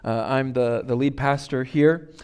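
A man's voice: medium pitch, a little slow, darkish tone, smooth. A man preaching a sermon as lead pastor, conversational with many fillers and restarts.

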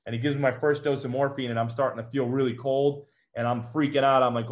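Fast-talking man recounting his story. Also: medium pitch, steady tone, dull audio. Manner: conversational and matter-of-fact, with fillers and restarts. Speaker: former Marine telling his story. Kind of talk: personal storytelling in an interview.

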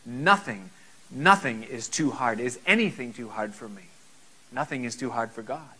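A man voicing God answering a prophet, dropping his voice low and speaking slowly and emphatically. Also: expressive, bright, forceful tone, low-quality recording. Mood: reassuring.

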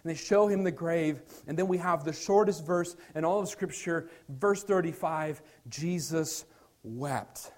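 A man in his thirties preaching a sermon, earnest, moving between loud emphasis and soft, hushed lines. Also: fairly high pitch, a little slow. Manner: earnest, shifts from loud stress to quiet near-whispers. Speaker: pastor.

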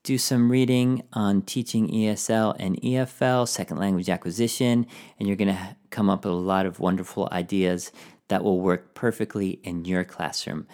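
A man's voice: sits low, steady tone, normal speed, a little mellow. A man hosting a teaching podcast, giving encouraging classroom tips and often singing short phrases.

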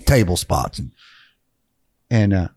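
A man's voice: deep voice, slow, slightly rough. A man, a former coach, telling a funny story in casual chat and acting out the quotes. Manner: lively anecdote teller, acts out quotes. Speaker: former high school coach.

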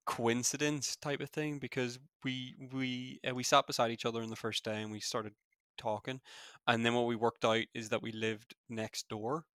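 A young man with a Belfast accent who talks quickly, full of fillers and restarts, in a casual interview. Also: medium pitch, level tone, a bit bright, clear, resonant tone, no echo, studio quality. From Northern Ireland. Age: young adult. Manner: fast-talking, many fillers and restarts. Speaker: former student guest.

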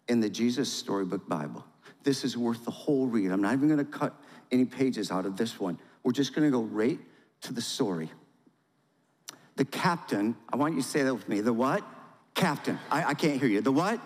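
A male pastor giving a sermon, reading a storybook aloud in a dramatic, animated way and asking listeners to respond. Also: mid-range voice, normal speed. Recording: long hall reverb.

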